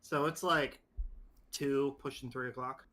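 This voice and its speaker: A man's voice: mid-range voice, fairly even intonation, unhurried, bright, forceful tone. A man narrating as game master in a casual tabletop game, swearing freely.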